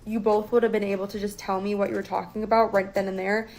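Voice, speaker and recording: A young woman telling a personal story as a guest in a casual, profane, animated way. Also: medium pitch, quick pace, poor audio.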